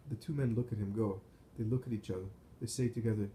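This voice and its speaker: Solemn male narrator, mellow voice. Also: fairly low pitch, slight background noise, poor audio. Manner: measured, solemn reading. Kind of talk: scripted first-person narration of a visionary text.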